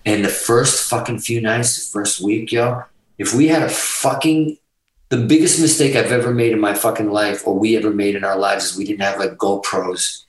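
A guitarist, appearing as a guest in a casual interview, rambles through a story from the road in a lowish voice at normal speed. He swears constantly, hops from one thought to the next, and sounds animated. The recording is low quality, with an echoey room.

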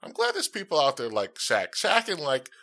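A man's voice: on the high side, huge pitch swings, moderate pace, creaky, bright, forceful tone. A man hosting his own podcast in casual, rambling chat, upbeat and full of fillers, speaking into a dynamic podcast mic. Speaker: podcast host.

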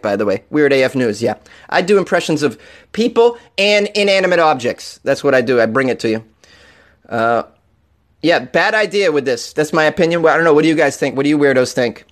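A man hosting an odd-news show, reading stories aloud and riffing on them with sarcastic, profane jokes and frequent laughter. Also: mid-range voice.

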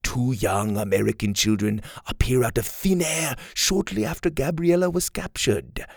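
A man's voice: mid-range voice, moderate pace, creaky, dry recording, clean studio sound. A man voicing a playful, menacing male villain in a children's audio story. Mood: teasing. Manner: teasing, then threatening.

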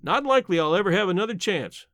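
A man's voice: high-pitched, animated, fast talker, fairly bright tone, dry recording. A man doing a blunt plainspoken old aunt. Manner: dry, matter-of-fact, plainspoken country talk. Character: blunt, sharp-tongued old countrywoman aunt.

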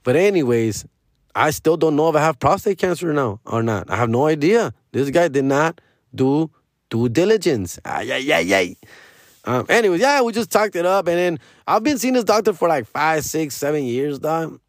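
A man's voice: fairly high pitch, expressive, moderate pace, dry recording, clean studio sound. A man, telling a rambling comic story in a casual, slangy way. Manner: laid-back slangy rambling, peppered with 'dog' and 'fool'. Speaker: stand-up comedian.

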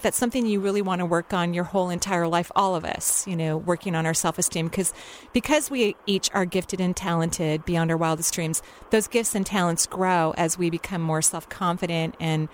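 A woman hosting a call-in radio show, giving a caller gentle intuitive career guidance with an encouraging, unhurried manner. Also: fairly low pitch, fairly even intonation, a little hiss or hum. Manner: soothing, encouraging, unhurried with many fillers.

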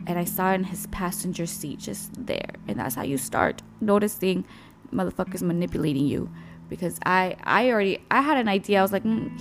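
A young woman with a fairly low voice talks casually and bluntly, full of slang and swearing, as she hosts her own podcast. Plucked guitar music plays clearly under her words. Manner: blunt, slangy, profane storytelling. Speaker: podcast host. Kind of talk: casual solo podcast monologue.

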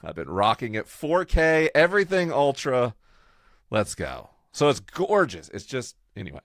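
A man co-hosting a podcast in casual, playful chat, often trailing off low and quiet at the ends of phrases. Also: big pitch swings, moderate pace, no echo, studio quality. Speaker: podcast co-host.

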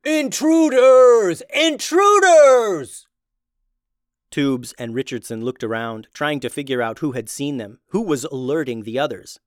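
A man narrating a children's fantasy adventure in a steady, even reading voice. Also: mid-range voice, moderate pace, hardly any pauses, no room sound, studio quality. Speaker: storyteller.

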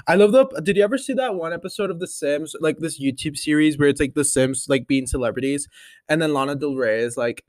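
A nineteen-year-old man hosting his own podcast, chatting casually in a gushing way with lots of fillers and sudden excited jumps in pitch. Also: fast, no room sound. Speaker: solo podcast host. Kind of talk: casual chat.

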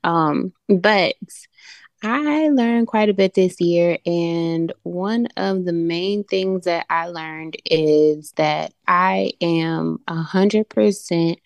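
A woman calls in to a program and speaks calmly and slowly. Her voice is low and gravelly with plenty of fry. The sound is dry and close. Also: no echo, lo-fi sound. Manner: calm, reflective, slow. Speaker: caller. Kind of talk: call-in reflection.

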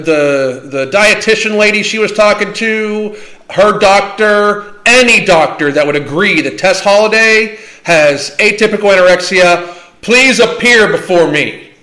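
A man's voice: high-pitched, bright, forceful tone. A man hosting a livestream Q&A, talking in a blunt, profane and combative way. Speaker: livestream host. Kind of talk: livestream Q&A rant.

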